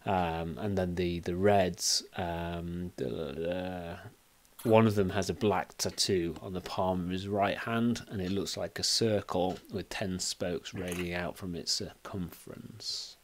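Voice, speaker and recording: A man's voice: low voice, steady tone, a little slow. A man narrating as game master of a tabletop game, hedging with "kind of, like". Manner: hesitant, many "kind of, like" fillers.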